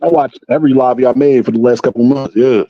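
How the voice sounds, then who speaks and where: A man calling into a live stream, chatting excitedly in slang and repeating himself as he makes his points. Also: medium pitch, fast talker, no echo, lo-fi sound. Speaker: guest caller on a live stream. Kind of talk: casual chat.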